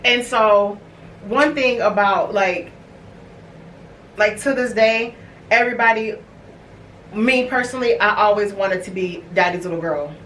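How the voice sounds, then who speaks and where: A woman's voice: mid-range voice, a bit bright, distant mic. Candid woman in her thirties, echoey room. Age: 30s. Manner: candid, halting, many fillers and restarts. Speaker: podcast host. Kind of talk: emotional personal storytelling. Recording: echoey room, voice from off-mic, faint hiss.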